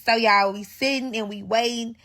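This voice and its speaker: A woman's voice: fairly high pitch, moderate pace. A woman telling a long dramatic storytime in casual chat, acting out the dialogue and calling her listeners y'all. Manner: animated, acts out dialogue, addresses listeners as y'all.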